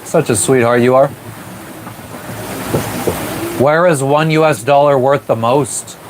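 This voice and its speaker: A man's voice: medium pitch, normal speed. A man vlogging from a sailboat at sea, casually answering viewer questions between bites of food. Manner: relaxed, rambling, eating while talking. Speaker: sailing vlogger answering live chat. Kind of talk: casual live stream chat. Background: waves and boat noise.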